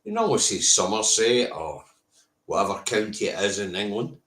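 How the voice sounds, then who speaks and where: A man's voice: on the low side, sing-song, moderate pace, fairly bright tone. A man with a Scottish accent hosting a casual live stream, blunt and sweary, answering viewers' comments by name. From Scotland. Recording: roomy echo.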